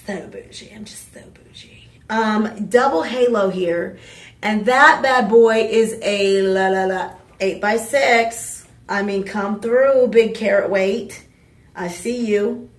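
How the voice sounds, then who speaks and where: A woman hosting a live home shopping show, pitching jewelry in a chatty, exuberant way with playful asides. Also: slow. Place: TV shopping studio. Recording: roomy studio sound, mic at a distance.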